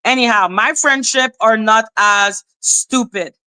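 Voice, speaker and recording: Bright-voiced blunt woman vlogger. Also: on the high side, measured pace, clear, resonant tone. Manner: blunt and profane, talks back at clips. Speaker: commentary YouTuber. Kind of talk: casual reaction commentary.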